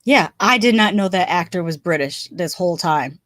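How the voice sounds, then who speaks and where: A woman's voice: on the low side, animated, normal speed, a bit bright, dry recording, studio quality. A woman hosting a casual live stream, chatting loosely, laughing often and restarting her sentences. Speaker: livestream host.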